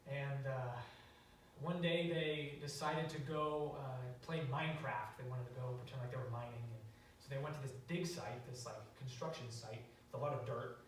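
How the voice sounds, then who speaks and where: A man's voice: mid-range voice, moderate pace, a little hiss or hum. A young man preaching a sermon in a church, telling a story in a casual way with fillers and restarts. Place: church sanctuary. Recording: very echoey hall, mic far off.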